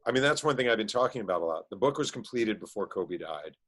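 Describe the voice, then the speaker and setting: A man, an author and interview guest, telling stories in casual chat with quick bursts and lots of fillers. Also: fairly low pitch. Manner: animated storyteller, quick bursts, many fillers.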